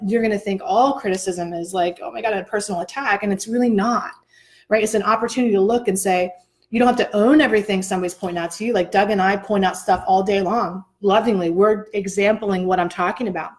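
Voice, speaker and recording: A woman's voice: medium pitch, steady tone, a little fast. A woman co-hosting a casual motivational chat, earnest and encouraging, acting out the voices she quotes. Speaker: co-host, coach.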